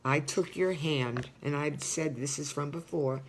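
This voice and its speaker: A woman's voice: low-pitched, measured pace, slight background noise. An older woman reads her memoir aloud in a sincere, personal tone. She breaks off now and then to talk straight to her listeners, and she marks every bit of dialogue by saying quote and end quote. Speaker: memoir author reading her book. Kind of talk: reading a personal memoir aloud with spoken asides.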